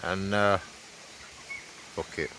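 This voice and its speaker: A man's voice: low-pitched, fairly even intonation, drawn-out words, background noise. A man in his fifties with a Yorkshire accent, chatting casually and a bit out of breath while walking his dog in hilly countryside. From England. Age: 50s. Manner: chatty, rambling, swears casually.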